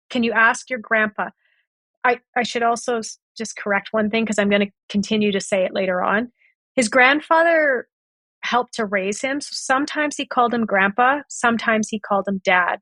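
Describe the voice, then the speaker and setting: There's a sharp edge to this woman's fairly high voice, and she keeps a moderate pace with no room sound. She's a podcast guest narrating a past romance and performing both sides of what was said.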